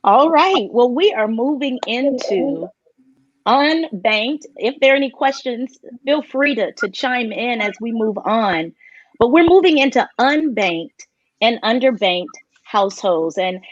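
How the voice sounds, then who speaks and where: A woman's voice: on the high side, expressive, dull audio. A woman moderating a virtual town hall on a video call, speaking in an upbeat and affirming way. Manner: upbeat, affirming, quick to laugh.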